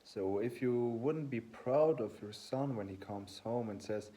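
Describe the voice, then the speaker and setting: A man in his twenties, a fitness vlogger chatting casually to camera, rambling and halting and often correcting himself mid-sentence. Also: medium pitch, warm tone. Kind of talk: casual vlog chat to camera.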